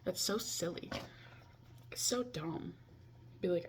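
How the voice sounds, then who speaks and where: Heavy background noise surrounds this twenty-something vlogger as she speaks over a video call, casually confessing and mocking and scolding herself. Her voice sits low and moves at a slow pace.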